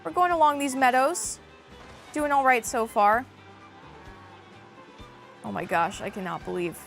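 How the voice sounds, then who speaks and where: Chatty excitable woman streaming a game. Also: sits high, measured pace, vocal fry, faint music behind. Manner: excitable, self-mocking, chatty with viewers. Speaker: livestream co-host playing a kart racing game. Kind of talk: casual livestream banter.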